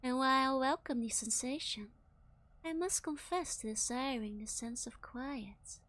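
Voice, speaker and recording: A woman voicing a sultry, bored talking skull in a slow, languorous whisper, as a whispered role-play. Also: high voice, a bit bright. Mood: languid.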